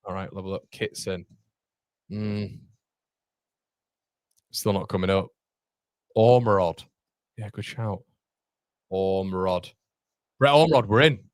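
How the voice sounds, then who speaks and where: A man chatting excitedly on a live stream, reacting to the chat and the football match as he watches. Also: fairly low pitch, slow, long pauses, no room sound, studio quality.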